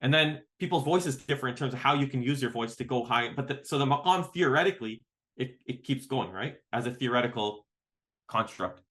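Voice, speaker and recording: A man's voice: mid-range voice, lively intonation, brisk, fairly bright tone. A man teaching a casual online workshop on melodic modes, counting notes aloud and singing short examples. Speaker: maqam teacher.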